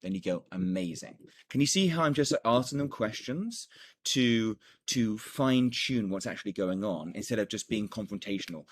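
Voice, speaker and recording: A man's voice: mid-range voice, expressive, normal speed. A man teaching a recorded sales course as a coach, enthusiastic, repeating words and filling gaps with "done, done, done".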